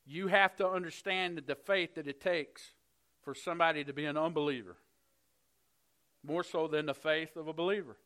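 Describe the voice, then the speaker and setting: Man preaching, bright and earnest. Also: on the high side, fairly even intonation, moderate pace. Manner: storytelling, earnest, builds from hushed to fired up. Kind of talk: sermon.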